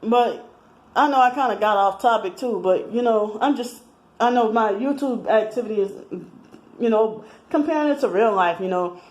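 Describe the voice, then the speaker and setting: A woman's voice: a little high, moderate pace, darkish tone, rough recording. Rambling, slightly breathless woman in her thirties. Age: 30s. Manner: rambling, with many restarts and fillers. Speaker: vlogger. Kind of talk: rambling personal monologue.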